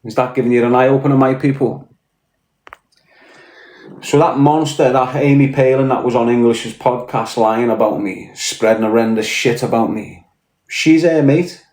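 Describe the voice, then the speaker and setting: A man's voice: medium pitch, normal speed, a little mellow. A man with a Scouse accent from Liverpool, ranting bluntly and swearing on a casual livestream, tired after hours on air. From Liverpool, England. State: mentally tired. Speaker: live streamer. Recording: roomy echo.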